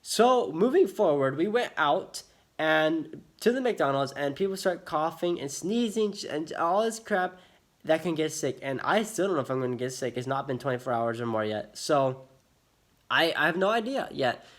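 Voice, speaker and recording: A man's voice: a little high, lively intonation, moderate pace. A young American man telling an agitated storytime rant in his vlog, swearing often as he talks. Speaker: vlogger.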